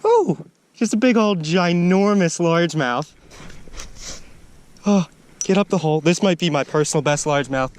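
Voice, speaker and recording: Excitable man narrating his ice fishing. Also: high voice, moderate pace, pauses often, clear, resonant tone. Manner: excitable, exclaims loudly when he lands a fish. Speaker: angler filming his fishing trip. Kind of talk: casual running commentary. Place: outdoors on a frozen lake.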